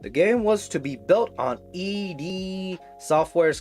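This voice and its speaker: A man's voice: high voice, expressive, a little mellow, faint music behind. A man on a casual stream who reads an article aloud, stumbling at times and breaking off into his own asides. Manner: stumbling, halting read with asides.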